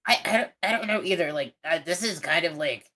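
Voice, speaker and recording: A woman's voice: sits low, fast talker, sharp tone. A woman casually chatting while co-playing a visual novel, stammering and restarting often. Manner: rambling, stammering restarts, giggly. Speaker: streamer voicing game characters. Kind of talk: casual let's-play chat.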